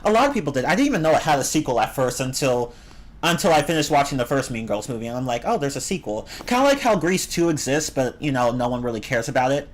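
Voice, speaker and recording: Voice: sing-song, quick pace. A game streamer in casual live-stream chat, rambling and opinionated, answering the chat. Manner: rambling and opinionated, with swings in pitch.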